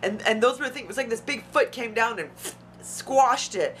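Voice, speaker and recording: Outspoken woman vlogger, frustrated and profane, slightly high, sharp voice. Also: brisk, slight background noise. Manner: outspoken, blunt, swears freely; heated, frustrated. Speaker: YouTuber. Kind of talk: emotional vlog rant. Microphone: camera mic.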